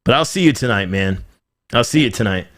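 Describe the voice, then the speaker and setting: A man's voice: on the low side, expressive, brisk, a bit bright. A man hosting his own livestream show, talking casually and ranting in an irritated, exasperated way, swearing now and then. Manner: angry, exasperated, swears freely.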